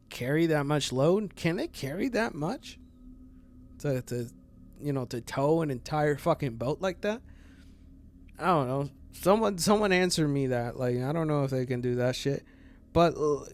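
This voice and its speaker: A man hosting a true crime channel, talking casually in a rambling, profane way full of fillers. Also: a little high. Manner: rambling, profane, full of fillers, laughs at his own jokes.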